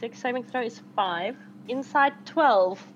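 Higher-voiced woman player, dull sound. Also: a little slow, noisy background. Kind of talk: tabletop role-play.

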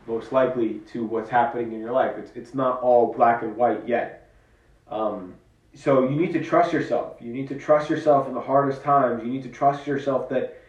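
A man giving a personal, earnest motivational monologue to camera, reflective and coaching himself as he talks. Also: mid-range voice. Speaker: vlogger. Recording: roomy, distant, dull-sounding.

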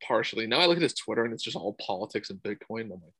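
A young man co-hosting a casual fight podcast, profane and excitable, saying "dude" a lot. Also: on the low side, rapid-fire, husky, no echo, poor audio. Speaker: podcast host. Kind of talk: casual MMA podcast chat.

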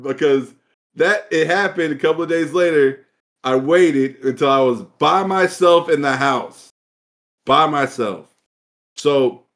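A man on a podcast telling a story in casual talk, swearing often and acting out the scenes. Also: a little high. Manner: profane, animated, acts out scenes. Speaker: podcast co-host.

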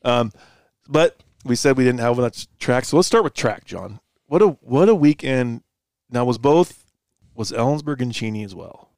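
A man's voice: medium pitch, animated, normal speed, a little mellow, smooth, no room sound, studio quality. A man co-hosting a casual sports chat, telling stories with a laid-back manner and frequent laughs. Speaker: co-host.

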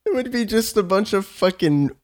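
A young man with a fairly high, bouncing voice fires back quick, swearing jokes at his friends. It is loose, casual podcast banter. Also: lively intonation, darkish tone. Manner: quick, profane, teasing reactions.

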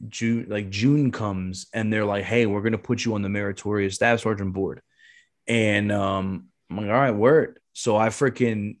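A man in his thirties telling a rambling, profane story in casual chat. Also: on the low side. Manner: fast, rambling, lots of swearing and restarts. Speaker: podcast guest telling a story.

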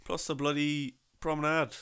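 A man's voice: a little high, level tone, moderate pace, fairly bright tone, clean tone. A young man telling a rambling, casual story about a trip, full of slang and restarts.

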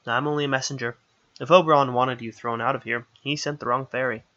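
An impish, rhyming fairy jester full of mischief, as a man puts him on. The voice is bright and forward. The recording sounds a little dull and muffled. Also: medium pitch, steady tone, fast talker, lightly acted. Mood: teasing. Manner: playful, rhyming, teasing.

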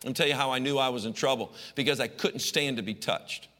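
A middle-aged pastor telling stories in a sermon, animated and folksy, swinging between loud and hushed. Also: male voice, medium pitch, fairly quick. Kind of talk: storytelling sermon. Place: church sanctuary. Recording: long church reverb.

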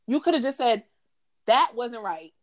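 A woman's voice: a little high, very animated, normal speed. A woman co-hosting a podcast in casual chat, talking bluntly and heatedly with plenty of profanity. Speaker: podcast co-host.

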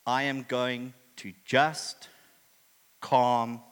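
A man's voice: mid-range voice, flat delivery, very slow, clean tone. A man in his forties, a pastor, giving a humorous, conversational sermon to his congregation. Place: church hall. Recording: reverberant hall.

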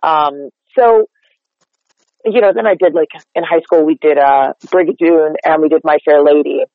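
A woman's voice: low-pitched, normal speed, no echo. A woman from North Texas, a dialect coach, chatting in a casual interview with lots of "like" fillers. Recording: dull lo-fi sound, dry.

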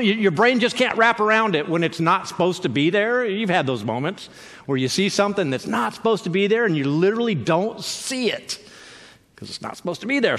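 A man with a high voice preaching a sermon, his speech echoing through a hall with a long reverb. He talks in a conversational way and breaks into joking asides. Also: a bit bright. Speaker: pastor.

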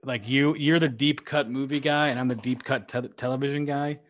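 A man's voice: medium pitch, fairly even intonation, a little fast, fairly bright tone. A man co-hosting a podcast in casual chat, easygoing and filler-heavy, with mock impressions. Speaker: podcast co-host.

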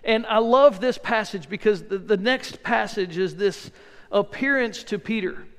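High, gravelly-voiced preaching man. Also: unhurried, big-room sound. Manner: conversational, earnest preaching with repeated phrases. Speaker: pastor. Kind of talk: sermon. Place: church sanctuary.

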